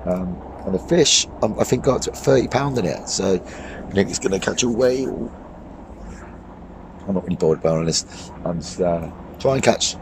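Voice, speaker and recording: Hoarse, deep-voiced man vlogging outdoors. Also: animated, moderate pace, background noise. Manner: upbeat, rambling, laughs often. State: hoarse, losing his voice from a cold. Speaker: fishing vlogger. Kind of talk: casual chatty vlog. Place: outdoors by a small overgrown lake. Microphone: handheld camera.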